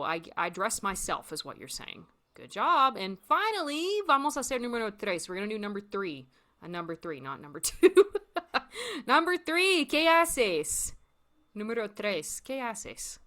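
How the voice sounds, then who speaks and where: A woman teaching a recorded Spanish lesson, encouraging learners and repeating phrases slowly. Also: mid-range voice, pushed and bright.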